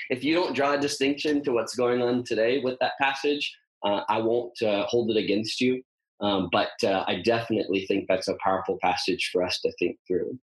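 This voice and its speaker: A man's voice: medium pitch, fairly even intonation, normal speed. A man hosting an easygoing scripture discussion, stopping to search for words with plenty of uhs and ums. His voice carries a roomy echo, as if spoken in an open room. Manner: thinking aloud, frequent ums and uhs. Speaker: host teaching on scripture. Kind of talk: casual teaching talk.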